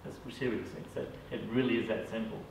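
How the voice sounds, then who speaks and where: Slightly fast and a bit creaky, this Australian man's medium-pitched voice stays fairly even as he, a psychic medium, talks casually with a small group and often asks "all right?". The recording has echo, a distant mic and a little hiss or hum.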